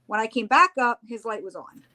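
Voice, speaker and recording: A high-voiced woman tells a story in a casual podcast chat. She is animated, laughs easily and acts out what people said. Her pitch sits well above most women's. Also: a little fast. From United States. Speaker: tattoo artist and paranormal investigator.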